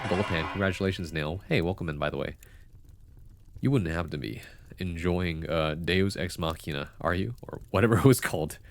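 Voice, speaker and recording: A man with a low, deep voice and a stuffy, congested nose chats casually on a livestream. His pitch swings animatedly as he rambles with fillers and self-corrections. The sound is close and dry. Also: dry recording. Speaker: streamer.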